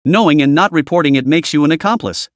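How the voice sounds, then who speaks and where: A man's voice: a little high, fast talker, no room sound, studio quality, close to an everyday voice. A man voicing a cunning, relentless male interrogator who presses with rising questions. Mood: pressing.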